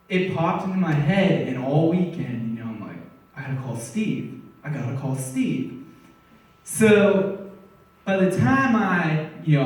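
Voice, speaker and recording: A young man giving a personal testimony at a church service, telling his story with excitement and acting out conversations with frequent laughter. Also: fairly high pitch, distant mic. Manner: earnest, excitable, laughing often. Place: church sanctuary. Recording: echoey church, voice off-mic.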